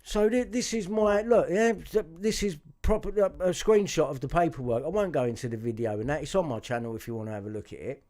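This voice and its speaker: A man's voice: fairly high pitch, fast, few pauses, a little mellow. A man talking to his viewers, agitated and profane, circling back and repeating himself. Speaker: vlogger. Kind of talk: angry monologue to camera.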